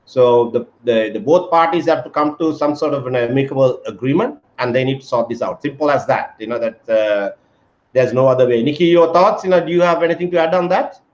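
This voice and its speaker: A man's voice: medium pitch, fairly quick, a little mellow. A man hosting a casual live-stream chat, talking with lots of fillers and calling his guest mate. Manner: chatty, many fillers, calls guest mate. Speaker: host. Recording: echoey, dull lo-fi audio.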